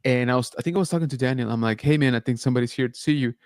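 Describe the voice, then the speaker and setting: A middle-pitched man talks very fast on a relaxed livestream as a podcast host, rambling through stories, greeting viewers and reading chat aloud. His chatty flow is loose and full of fillers, and the recording is close and dry with no room sound.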